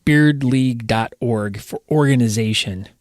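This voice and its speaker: A man's voice: medium pitch, measured pace, a little mellow, dry recording, clean studio sound. A man hosting a podcast, asking questions and teasing his guest playfully. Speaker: podcast host. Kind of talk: casual podcast interview.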